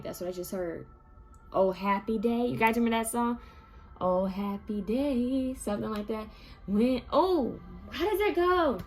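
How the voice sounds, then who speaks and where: A woman who has just woken up, giving a relaxed pick-a-card tarot reading and musing aloud to her viewers. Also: mid-range voice, gravelly. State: just woke up. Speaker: tarot reader.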